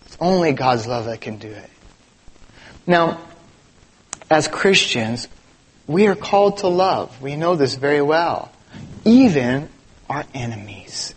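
Animated, lively-pitched male pastor preaching. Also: takes it slowly, long pauses. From East Los Angeles, US. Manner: animated, conversational preaching with rhetorical questions. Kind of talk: sermon.

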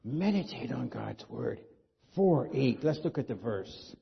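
A man's voice: mid-range voice, huge pitch swings, a little slow, creaky, slightly rough. A man preaching a sermon as pastor, talking conversationally and asking the congregation rhetorical questions. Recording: dull lo-fi sound.

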